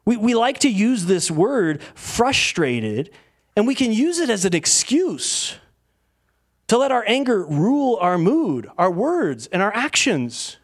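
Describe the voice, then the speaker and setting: Animated man preaching a sermon. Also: high-pitched, takes it slowly. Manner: animated preaching, acting out voices. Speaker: pastor.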